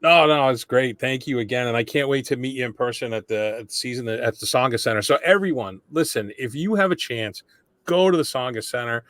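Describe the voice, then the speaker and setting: Chatty podcast host, dry sound. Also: male voice, mid-range voice, fairly quick, a bit bright, dry recording. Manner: chatty, self-deprecating storyteller. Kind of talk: casual interview chat.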